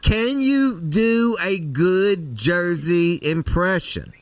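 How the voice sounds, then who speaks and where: A man hosting a live show, bantering loudly and joking with callers. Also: high voice, animated, very slow, dry recording. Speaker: host.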